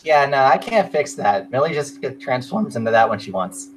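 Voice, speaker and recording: Man, tabletop player, casual and hesitant, mid pitch. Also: big pitch swings, normal speed, slight background noise, low-quality recording. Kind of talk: describing his character's home in a tabletop game.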